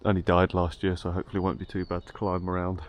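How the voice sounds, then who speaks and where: A man's voice: deep voice, level tone, fast talker. A man working as a tree surgeon, giving a matter-of-fact, casual rundown of the job. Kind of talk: casual vlog narration. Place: outdoor work site. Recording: noisy outdoor recording.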